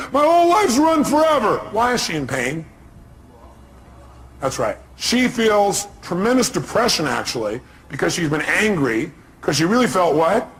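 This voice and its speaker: A man giving a motivational seminar talk, emphatic and firing rhetorical questions at the audience. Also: sits high. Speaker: motivational speaker.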